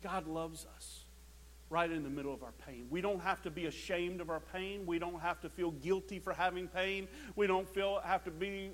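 A male pastor preaching a sermon, impassioned, swinging from loud declarations to hushed tones and often repeating words as he starts a phrase. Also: high-pitched, steady tone, moderate pace, low-quality recording.

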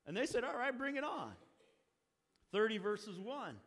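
A man's voice: sits high, big pitch swings, moderate pace, a bit bright, big-room sound. A man preaching a sermon, retelling a story with acted-out quotes and wry asides.

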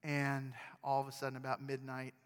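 A male pastor preaching a sermon in a conversational, animated storytelling manner. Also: mid-range voice, a little fast, smooth, in a large hall.

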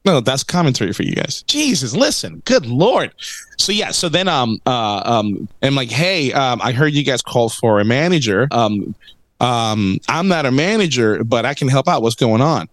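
A man in casual conversation, recounting a story with lots of energy. His pitch sits in a middle register and jumps up when he acts out other people. The sound is close and dry. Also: moderate pace, dry recording. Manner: animated storyteller, acts out quotes. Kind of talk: casual chat.

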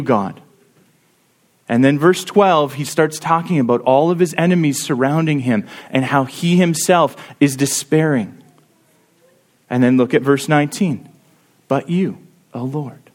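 Man preaching, earnest, fairly high-pitched, reads verses with emphasis. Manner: earnest, reads scripture aloud with rising emphasis. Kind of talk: sermon.

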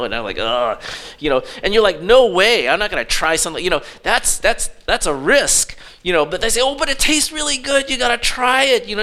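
A middle-aged man, a pastor, preaching a sermon in a conversational, animated way with storytelling asides. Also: high-pitched.

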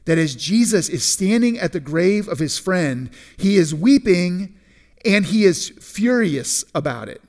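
A pastor's sermon comes across as conversational: he often restarts, repeats words, and slows down on key phrases for emphasis. His voice sits high, sounding animated and a little mellow.

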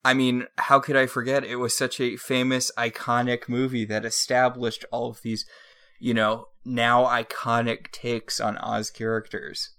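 A man co-hosting a casual podcast chat, deadpan and rambling through jokes. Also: mid-range voice, unhurried. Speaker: podcast co-host.

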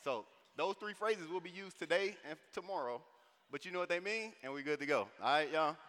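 Bright-voiced St. Louis man, hall echo. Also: on the high side, fairly quick. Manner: animated, drawls and stretches sounds, addresses the crowd as y'all. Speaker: conference speaker. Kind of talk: lively talk to a large audience. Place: large conference hall. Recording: long hall reverb, faint noise.

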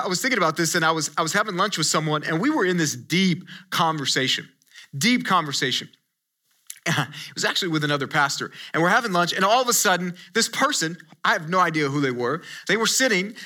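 A man preaching a sermon in a high, very bright voice. He talks in a loose, conversational way, telling a story with lively asides and lots of restarts. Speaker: pastor.

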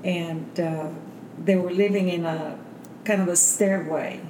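A woman's voice: lowish voice, fairly even intonation, measured pace, mellow. An older woman from Bulgaria recounts her family's history in an interview. She wanders through the story with plenty of fillers and restarts. The recording sounds roomy, with a faint hum behind her. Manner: meandering, many fillers and restarts. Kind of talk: personal storytelling.

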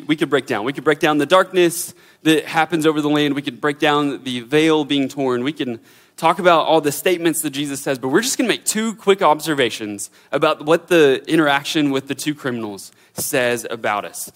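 A young man teaching a Bible passage in a casual, informal way, full of fillers and restarts. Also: fairly high pitch.

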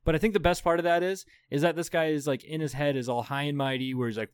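Quick-paced with few pauses, a man of around thirty co-hosts a podcast in a fairly high, clean-toned voice, with no room sound. His casual chat is packed with profane, animated storytelling and frequent laughs.

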